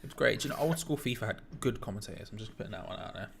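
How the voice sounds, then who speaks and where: A man's voice: fairly low pitch, rapid-fire, creaky, fairly bright tone, slight background noise. A man co-hosting a casual live football watch-along, trading wry, jokey banter. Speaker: co-host of a match watch-along. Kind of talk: casual live match chat.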